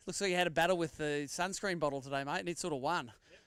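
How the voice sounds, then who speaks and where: An Australian man emcees a live fishing weigh-in, teasing each angler and announcing weights and placings. His voice sits a little high and is smooth and clear. The sound is close and dry. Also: fast, fairly bright tone, dry recording. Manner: jokey banter with anglers, announcing weights and standings.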